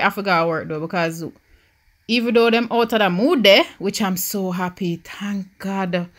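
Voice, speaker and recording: A young woman from Jamaica with a Jamaican accent, giving casual commentary while playing a life-simulation game, swinging from hushed worry to loud excitement. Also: mid-range voice. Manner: animated, swings from quiet worry to loud joy. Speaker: gaming YouTuber. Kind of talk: Sims let's-play commentary.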